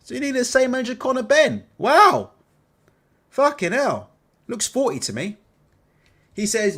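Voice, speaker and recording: A man hosting a casual boxing livestream, animated and bantering, swearing freely. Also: very high-pitched, unhurried, pauses often. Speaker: boxing channel host.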